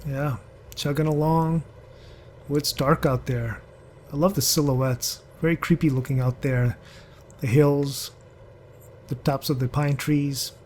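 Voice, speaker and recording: A man's voice: on the high side, steady tone, a little slow, long pauses, darkish tone, a little hiss or hum. A man giving rambling, chatty commentary over a driving game, talking to other drivers as he goes. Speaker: gaming channel host. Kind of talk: casual gameplay commentary.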